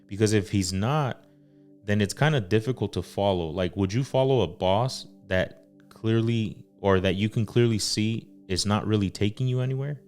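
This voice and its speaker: A man, a husband and father, hosting a casual faith-based podcast and speaking earnestly, with many ums and pauses. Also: lowish voice, darkish tone, soft background music. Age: adult father. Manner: earnest, full of fillers and pauses. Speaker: podcast host.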